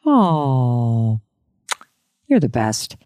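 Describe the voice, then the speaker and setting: Woman podcast host, low voice, encouraging, dry close sound. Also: sing-song, extremely slow, no echo. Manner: warm, encouraging, playful with laughter. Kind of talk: podcast interview and sign-off.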